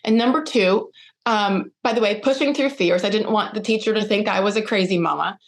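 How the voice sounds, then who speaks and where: A middle-aged woman speaking as a podcast guest, telling a personal story with lively, acted-out dialogue. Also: mid-range voice, a little fast. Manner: animated, acts out quoted dialogue.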